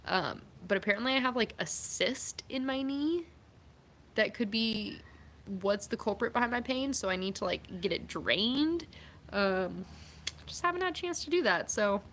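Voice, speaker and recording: A woman's voice: medium pitch, a bit bright, a little hiss or hum. A young woman vlogging, chatting casually and reading out viewer comments, upbeat and full of fillers. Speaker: vlogger and athlete.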